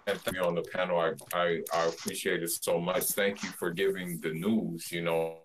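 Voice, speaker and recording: A man, relaxed and loose, giving thanks and shout-outs as a guest on an online boxing panel. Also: deep voice, normal speed, poor audio. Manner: relaxed, loose, many fillers. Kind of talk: casual sign-off with shout-outs.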